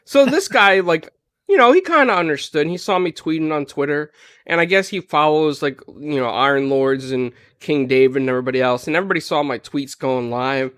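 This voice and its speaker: A man in casual podcast chat, telling a long story with lots of energy and frequent filler words. His voice sits on the higher side, and the sound is close and dry with no room echo. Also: fairly quick, clean tone. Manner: animated retelling with frequent "like" and "you know". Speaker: podcast panelist.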